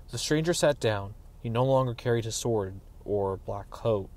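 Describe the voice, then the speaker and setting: A man reading a fantasy novel aloud as narrator, in a measured, even storytelling voice. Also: lowish voice. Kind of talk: dramatic audiobook reading.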